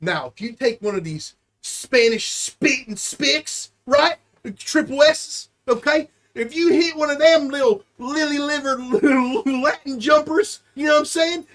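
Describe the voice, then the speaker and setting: A man's voice: very high-pitched, measured pace, hardly any pauses, a bit bright. A young man co-hosting a podcast, rambling through crude comedic rants and slipping into a put-on country drawl. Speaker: podcast co-host.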